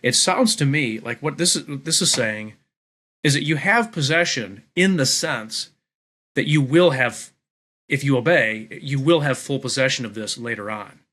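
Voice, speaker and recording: A man's voice: mid-range voice, animated, moderate pace, fairly bright tone. A man in a casual Bible study discussion who reads scripture aloud and then explains it plainly. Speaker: podcast co-host.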